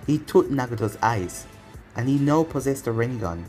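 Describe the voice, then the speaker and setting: A man's voice: mid-range voice, animated, normal speed, darkish tone, faint music behind. A man narrating a fan fiction audio story in a plain storytelling way.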